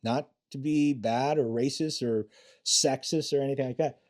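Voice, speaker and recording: A man's voice: medium pitch, steady tone, moderate pace, darkish tone. A man in his late fifties, a retired police officer, telling blunt, profane stories in a casual interview and acting out the quotes.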